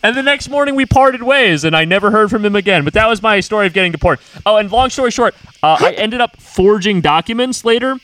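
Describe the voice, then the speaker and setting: A man's voice: high-pitched, quick pace, hardly any pauses, fairly bright tone, rough recording. A man telling a long, rambling anecdote in casual chat, laughing mid-sentence and repeating words. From United States.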